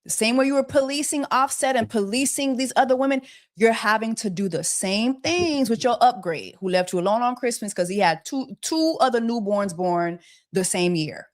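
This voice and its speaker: A woman with a slightly high voice hosts a casual gossip livestream. She talks with exasperation and piles on rhetorical questions. She mocks her subjects with quacking bird jokes. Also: normal speed. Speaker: host of a celebrity gossip livestream.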